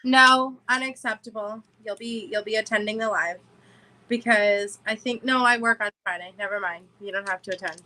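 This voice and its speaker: A woman's voice: medium pitch, normal speed, sharp tone, low-quality recording. A woman chatting as a guest on a livestream, making blunt, teasing quips. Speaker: guest co-host. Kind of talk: casual livestream chat.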